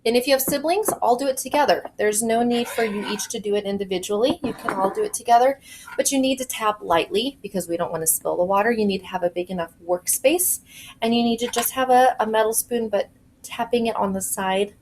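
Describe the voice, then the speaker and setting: A woman music teacher in her kitchen, giving slow, clear, encouraging instructions to young children in a home video lesson. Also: a little high, darkish tone, slight background noise, poor audio.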